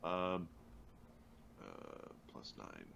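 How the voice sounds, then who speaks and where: A man playing a tabletop game over voice chat, laughing often and halting with fillers. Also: a bass voice, very animated, creaky, a bit bright, dull audio, slight background noise. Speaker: player. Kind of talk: casual tabletop game play.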